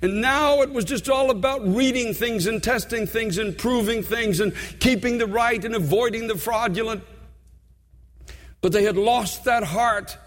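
A man preaching a sermon as a pastor, earnest and heartfelt, leaning on slow, emphatic repetitions. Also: high-pitched, fairly bright tone. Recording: long hall reverb.

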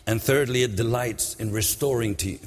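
A man's voice: medium pitch, fairly quick, big-room sound. A man preaching a sermon, retelling a parable and rising into fervent, sing-song appeals.

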